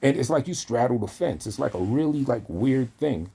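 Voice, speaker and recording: A man's voice: medium pitch, expressive, normal speed, gravelly, dark tone, husky. A man delivering a heated, profane callout rant, speaking straight at the person he confronts. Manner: confrontational, profane, addresses target directly. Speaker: online commentator.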